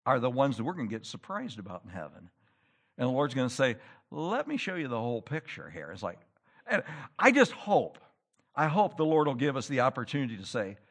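A man preaching a sermon in a church, with animated delivery that rises to loud, emphatic peaks. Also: mid-range voice. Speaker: pastor.

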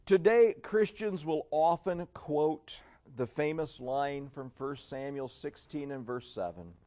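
A man preaching a sermon in an emphatic, sarcastic way, dropping to a hush and then rising again. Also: fairly high pitch, slow. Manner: emphatic, sarcastic, swings between loud and hushed.

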